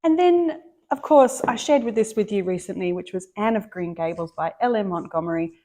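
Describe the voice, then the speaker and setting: A middle-aged woman talks warmly and eagerly about her favourite books. She speaks at a medium pitch in a casual, chatty way. She often trips over and restarts her sentences. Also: animated, fairly quick. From Australia. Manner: enthusiastic, chatty, with frequent restarts. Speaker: book vlogger. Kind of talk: casual book chat.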